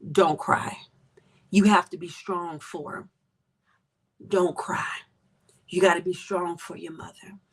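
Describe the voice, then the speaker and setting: A woman hosting a podcast, talking earnestly and with emotion, sometimes dropping to a soft whisper. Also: fairly low pitch, gravelly, husky. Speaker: podcast host. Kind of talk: candid personal reflection.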